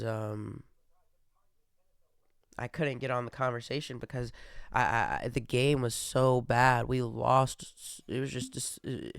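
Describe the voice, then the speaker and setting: A man's voice: mid-range voice, gravelly, smooth, no echo, clean studio sound. A young man hosting a casual monologue, rambling with many fillers and restarts. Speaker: podcast host.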